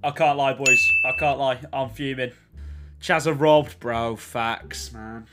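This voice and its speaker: A man's voice: mid-range voice, fairly even intonation, measured pace, over loud music. A young English man streaming a video game, swearing and swinging between ranting and cheering as he talks to his chat. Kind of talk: live game commentary to chat.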